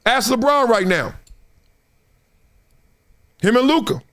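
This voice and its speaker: Sports talk host guy, high voice that swings all over, loud animated trash talk. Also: takes it slowly. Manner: animated, trash-talking, acts out fans in put-on voices. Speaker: show host. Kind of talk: casual sports talk livestream.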